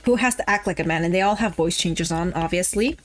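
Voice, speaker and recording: A woman's voice: fairly low pitch, fast talker, faint music behind. A woman VTuber streaming casually while a little tipsy, rambling off topic, swearing and laughing. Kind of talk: casual livestream chat.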